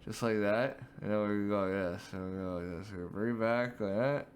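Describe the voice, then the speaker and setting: A man's voice: fairly low pitch, steady tone, quick pace, a little hiss or hum. A young man giving casual, rambling reaction commentary on animal clips as a streamer, laughing often.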